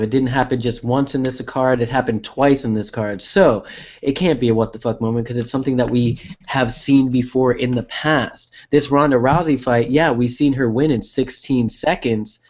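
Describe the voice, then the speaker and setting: Argumentative podcast co-host, lo-fi. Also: male voice, mid-range voice, fairly even intonation, normal speed, a little mellow. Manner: argumentative, makes his case with profanity. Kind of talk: casual chat. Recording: dull lo-fi sound.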